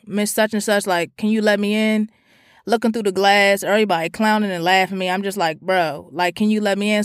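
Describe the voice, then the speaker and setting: A woman's voice: medium pitch, no room sound, studio quality. A young woman from Washington, D.C. tells a comic story in a slangy, profane way, acting out the voices she quotes.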